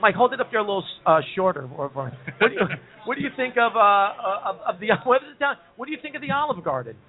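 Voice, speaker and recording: A man from New Jersey hosting a casual comedy talk show, chatty and quick to laugh, often repeating "listen". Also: high voice, big pitch swings. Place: pub. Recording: tinny phone-like audio.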